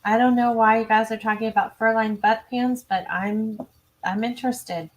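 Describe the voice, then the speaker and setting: A woman hosting a true crime livestream, chatty and self-interrupting, reading viewer comments and adding quick asides. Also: on the high side, fairly even intonation. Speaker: true crime channel host. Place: home.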